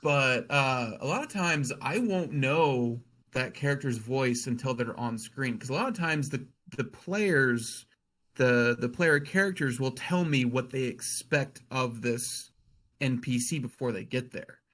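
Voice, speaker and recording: A man's voice: medium pitch, unhurried, fairly bright tone. A man on a podcast talking casually as a guest game master, often restarting his sentences as he thinks aloud.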